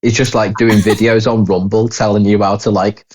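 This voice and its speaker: A man's voice: lowish voice, little pitch movement, normal speed, a little mellow. A man co-hosting a podcast, retelling stories animatedly in casual chat and laughing as he goes. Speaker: podcast co-host.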